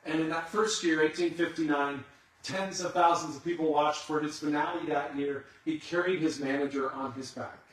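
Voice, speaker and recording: A man's voice: fairly high pitch, fairly bright tone. A man preaching a sermon as a dramatic storyteller who builds suspense. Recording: echoey hall, far from the mic.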